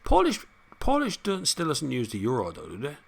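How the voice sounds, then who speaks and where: A man's voice: medium pitch, huge pitch swings, moderate pace, creaky, husky. Irish male host, casual rambling chat, laughs a lot, mid-range voice. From Ireland. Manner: chatty, rambling, laughs often. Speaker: host reading viewer comments.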